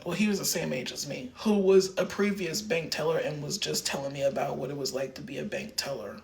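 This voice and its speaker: A man's voice: a little high, fairly even intonation, a little fast, vocal fry, a little hiss or hum. A man rambling in a casual livestream rant, filling his talk with lots of filler words.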